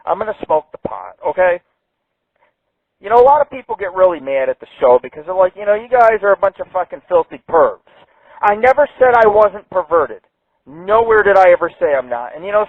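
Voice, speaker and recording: A man's voice: fairly high pitch, no room sound. A man hosting an internet radio show, ranting brashly and swearing a lot. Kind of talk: profane call-in radio rant. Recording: tinny phone-like dry sound.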